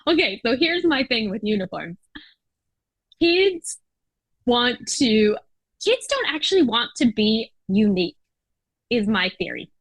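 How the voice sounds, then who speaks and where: A woman's voice: a little high, big pitch swings, unhurried, long pauses, dry recording, poor audio. Chatty American woman, dry sound. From United States. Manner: chatty, many fillers and laughs. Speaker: podcast guest. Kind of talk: casual interview chat.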